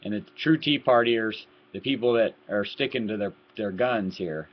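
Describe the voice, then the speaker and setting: A man giving a heated political rant to his webcam, repeating words and swinging from low muttering to loud outbursts. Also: normal speed. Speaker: political vlogger. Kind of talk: ranting webcam commentary. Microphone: laptop webcam mic. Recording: lo-fi laptop webcam audio.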